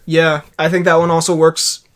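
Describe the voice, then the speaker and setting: A man's voice: a little high, monotone, moderate pace, fairly bright tone. A man co-hosting a podcast in casual chat, rambling and playful with many restarts. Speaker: podcast co-host.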